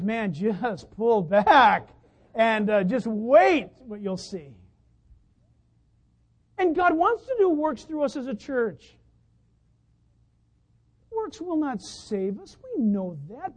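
A man's voice: very high voice, husky, low-quality recording. Storytelling preacher man with big swings. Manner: storytelling preacher, swings from hushed to loud excited outbursts. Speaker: pastor. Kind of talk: sermon.

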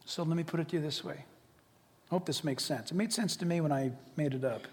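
A man's voice: fairly high pitch, fairly quick, long reverb tail, slight background noise. A male pastor preaching a sermon animatedly, acting out imagined conversations and dropping to whispers. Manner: animated, acts out both sides of imagined dialogues, drops to whispers.

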